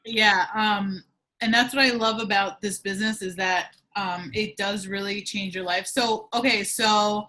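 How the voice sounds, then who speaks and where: Bright-voiced woman hosting an interview. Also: mid-range voice, steady tone, unhurried, poor audio. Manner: chatty, lots of ums and restarts. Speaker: host interviewer. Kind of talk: casual interview.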